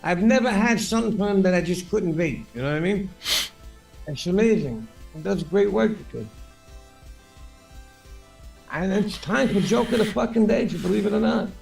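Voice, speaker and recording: A man with a high, gravelly voice chats loosely on a live stream. He rambles and swears often, sounding fond of the people around him. Faint music plays behind him. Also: animated, moderate pace, pauses often, darkish tone. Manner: profane, rambling, affectionate. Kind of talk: casual chat on a live stream.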